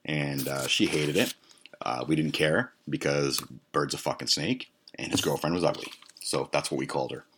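A man's voice: extremely low pitch, normal speed, a bit bright, slight background noise. A man hosting a podcast, telling a profane, heated comic story. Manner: heavily profane, heated retelling. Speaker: podcast host.

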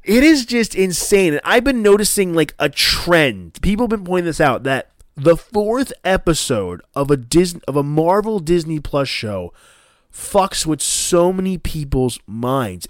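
Guy hosting a podcast, swears a lot, gets loud and jumpy retelling scenes, dead dry sound. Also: fairly high pitch, dry recording. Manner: excited, profane, acts out scenes in raised voices. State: coughing. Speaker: podcast host. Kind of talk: casual TV recap chat.

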